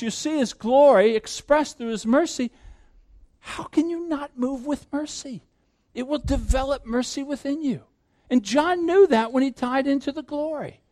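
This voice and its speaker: A man's voice: high-pitched, a little mellow, no echo. A middle-aged man preaching a sermon, earnest and pressing, often repeating words as he drives a point home. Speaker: pastor.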